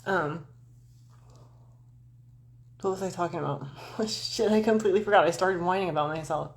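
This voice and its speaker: A woman in her forties talks to her viewers from home in front of a webcam. She wanders between astrology and her own life, swears casually and pokes fun at herself. Her voice sits a little low. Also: moderate pace. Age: 40s. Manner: scattered, swearing, self-deprecating, talks to chat viewers. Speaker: astrology livestreamer. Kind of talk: rambling livestream chat. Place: home, seated in front of camera.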